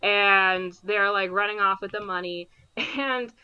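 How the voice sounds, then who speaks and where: A woman co-hosting a podcast, casually retelling a movie plot with lots of fillers and quick impressions of the characters. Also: medium pitch, clean tone, lo-fi sound. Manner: animated retelling with frequent fillers and quoted impressions. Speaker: podcast co-host.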